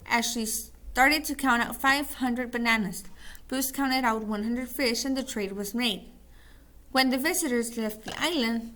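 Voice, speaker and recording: A woman's voice: a little high, a bit bright. A woman teacher running a call-and-response word drill, then reading a story aloud with small slips and restarts.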